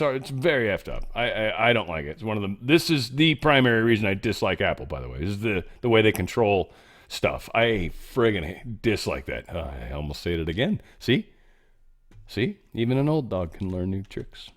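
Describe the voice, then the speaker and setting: A man's voice: fairly low pitch, very animated, normal speed. A man hosting an online show, commenting on the news in a chatty way with joking asides and frequent fillers. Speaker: show host.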